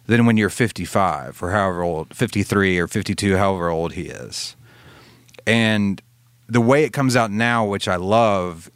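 A man talks in a loose, rambling way, often trailing off mid-thought. His voice sits low and is recorded dry and close. He drops casual swearing into easygoing chat. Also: dry recording. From Alabama, US Southern. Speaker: podcast co-host, studio producer.

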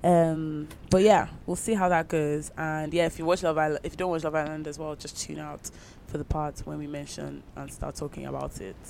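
A woman's voice: sits low, little pitch movement, brisk, vocal fry, hardly any pauses, a little mellow, slight background noise. A British woman co-hosting a podcast in casual, playful chat. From Britain. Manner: giggly, playful, chatty. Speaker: podcast co-host.

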